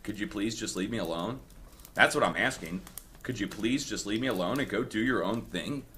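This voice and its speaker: Hosting an online earthquake forecast video, a man rants indignantly at critics, repeating himself and calling his viewers "guys." His lowish voice is bright and forceful at a moderate pace, with a little hiss or hum in the background.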